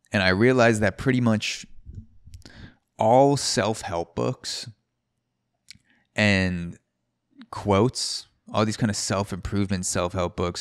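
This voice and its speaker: A man with a very low voice hosts a solo podcast, rambling through a story, restarting his sentences and swearing freely. His voice sounds close and dry, with no room echo. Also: clear, resonant tone. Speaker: podcast host. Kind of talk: casual solo podcast monologue.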